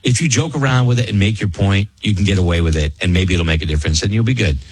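A man hosting a morning radio show, ranting in animated, opinionated banter with his co-hosts. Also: sits low, fast talker, husky, no room sound.

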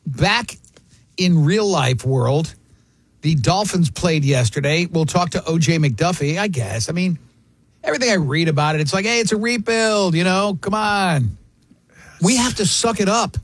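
A man hosting a casual sports radio show, telling lively stories and mimicking other people's voices. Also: a little high, a little slow, breathy edge, no room sound. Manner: animated storyteller, mimics voices in quotes. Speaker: radio host.

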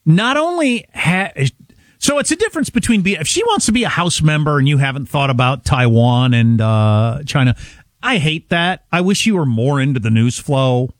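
A man hosting a political talk show, talking in a lively, swooping voice that rises a little high. He is mocking and opinionated, and the sound is dry and close. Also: moderate pace, dry recording. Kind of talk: casual political banter.

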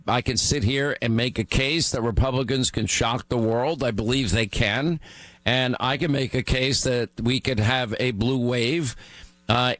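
Hoarse middle-aged talk radio host. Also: male voice, mid-range voice, fairly bright tone, no room sound. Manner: rambling, repetitive, self-mocking. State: hoarse from talking all day. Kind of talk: talk radio monologue and banter.

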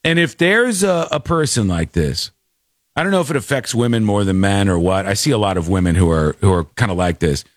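A man's voice: lowish voice, expressive, fairly quick, dry recording, clean studio sound. A man telling a story in casual chat, acting out the people in it with shifting voices. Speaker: podcast host.

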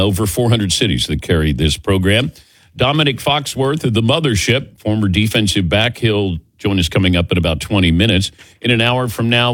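A man hosting a sports talk radio show, chatting casually and telling animated stories with quick laughs. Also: fairly low pitch, dry recording. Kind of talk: casual morning radio banter. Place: radio studio.

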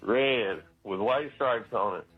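A man's voice: fairly low pitch, takes it slowly, breathy edge, faint music behind. Casual southern guy from arkansas, arkansas accent, calling in, laid-back and friendly, tinny phone line sound. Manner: friendly, laid-back, lots of "man" and "you know". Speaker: caller. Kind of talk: casual phone call to a radio show.

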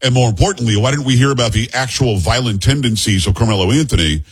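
A middle-aged man hosts a talk podcast with a husky, slightly breathy voice set at an ordinary middle pitch. He talks casually, wanders into joking tangents and ribs his co-host between news items. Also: quick pace. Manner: rambling, joking asides, teasing his co-host. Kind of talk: casual talk-show chat.

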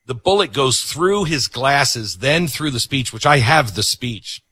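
A male host telling a story in animated casual interview chat. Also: mid-range voice, a little slow, husky.

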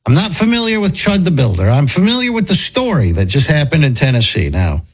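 A man hosting a casual talk show, his voice husky and a little breathy. His pitch swings around a lot as he reacts, restarts and thinks out loud. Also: fairly quick, rough recording. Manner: animated, conversational, thinks aloud with restarts. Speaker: host. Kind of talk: casual commentary chat.

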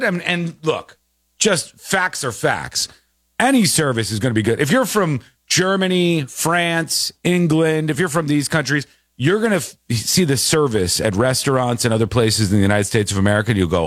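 A man hosting a talk show, giving animated, opinionated commentary and laughing easily. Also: mid-range voice, normal speed, no echo, clean studio sound. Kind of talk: casual commentary.

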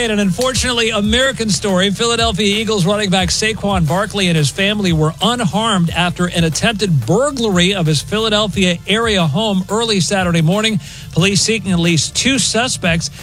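A man anchoring a sports news update on a talk show, brisk and joking. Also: sits high, fairly bright tone, poor audio. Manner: brisk, joking, briefly puts on a mock British accent.

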